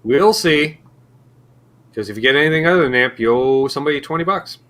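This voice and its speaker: A man's voice: medium pitch, racing, bright, forceful tone. A man from Canada, co-hosting a casual guitar chat in a joking, rambling way. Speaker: co-host.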